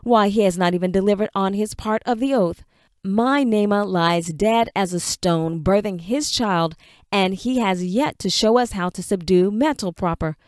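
A woman's voice: medium pitch, moderate pace, no echo, clean studio sound, close to an everyday voice. A woman voicing a stern, harsh aging father who barks at his son, read for an audiobook. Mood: angry, scornful. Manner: gruff, barking, scornful.

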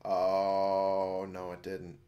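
A man muttering casual commentary to himself while playing a game, now and then breaking into sudden excited yelps. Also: low-pitched, extremely slow, dull audio. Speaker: let's play gamer. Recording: noisy home recording.

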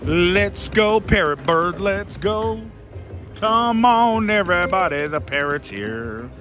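A man playing slots on a casino floor, giving excitable running commentary and calling out to his viewers and his mom. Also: high voice, slow. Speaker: casino slot vlogger. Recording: casino floor with loud music. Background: slot machine music.

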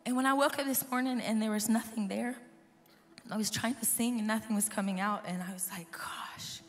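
A woman worship leader, hoarse and losing her voice, telling an earnest personal testimony to a live audience. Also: a little high, steady tone, brisk. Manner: earnest, storytelling, talks to the crowd. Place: large conference hall. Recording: live hall reverb with soft music.

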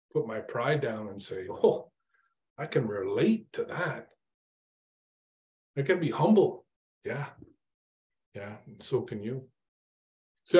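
A middle-aged man preaching an informal sermon, conversational, asking his listeners questions and acting out his own exasperated prayers. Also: medium pitch.

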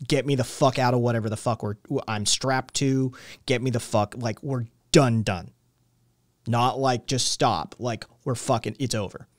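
A man's voice: medium pitch, dry recording, clean studio sound. A young adult man hosting a stream, ranting casually with lots of swearing and rambling restarts. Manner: profane, rambling, exasperated. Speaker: stream host.

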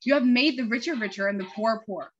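A woman's voice: fairly high pitch, slightly rough. Woman reading as a cold hacker villain. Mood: menacing. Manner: slow, deliberate proclamation. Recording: lo-fi muffled recording.

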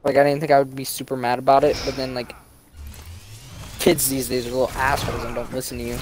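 A man's voice: medium pitch, quick pace. A young man chatting while he streams a game, telling profane stories about his workday with lots of energy. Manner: animated, profane storytelling. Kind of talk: casual chat while gaming. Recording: noisy background.

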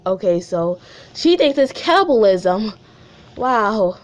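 A woman's voice: medium pitch, sing-song, slow pace. A woman reading her old childhood story aloud and chatting about it, full of "like" and "you know", giggly and rambling. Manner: chatty, filler-heavy, giggly. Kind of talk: casual read-aloud with commentary.

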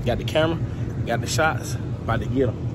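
Man, excited car vlog, breathless, repeats himself, average pitch, loud engine and street noise behind. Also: a little fast. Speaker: car vlogger. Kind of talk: casual vlog narration. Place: outdoors by his car. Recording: noisy outdoor camera audio.

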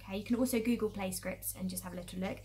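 A woman's voice: mid-range voice, fairly even intonation, rapid-fire, warm tone. A woman, a primary school teacher, reading a storybook aloud and explaining it patiently to young children.

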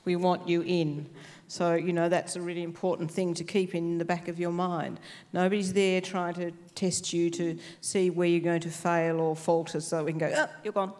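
A woman's voice: lowish voice, little pitch movement, moderate pace, few pauses, darkish tone. A woman moderating a panel, speaking in a reassuring way. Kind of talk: panel discussion.

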